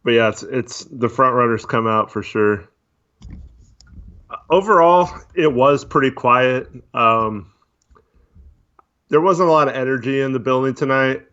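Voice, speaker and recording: A man chatting casually on a livestream, talking in a monotone with many fillers while reading chat. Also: medium pitch, measured pace, long pauses. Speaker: podcast co-host. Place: voice only on a live stream. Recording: dull lo-fi stream audio.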